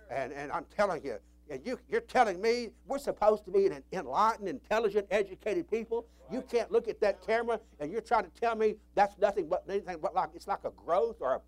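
A male preacher delivering an impassioned sermon, swinging from loud cries to low murmurs.

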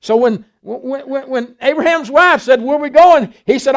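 A man's voice: extremely high pitch, normal speed, few pauses. An older man, a pastor preaching a folksy sermon and acting out Bible dialogue.

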